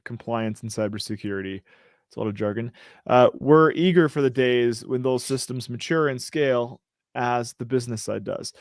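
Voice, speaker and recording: A man's voice: mid-range voice, no room sound. Joking male host, dry close sound. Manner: joking, riffing asides while reading. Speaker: show host. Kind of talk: casual chat reading news.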